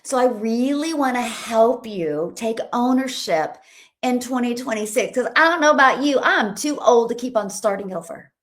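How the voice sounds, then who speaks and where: On her livestream, a middle-aged woman working as a business coach reads comments aloud and greets viewers with bright, bubbly energy. She speaks at a moderate pace in a fairly high voice with lively intonation.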